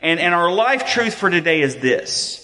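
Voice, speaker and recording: A man's voice: sits high, very animated, normal speed, bright, forceful tone. Guy preaching in a church hall, chatty and loose, lots of ums, voice rings around the room. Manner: conversational, self-deprecating, many fillers. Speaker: pastor. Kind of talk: sermon. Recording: long reverb of a hall.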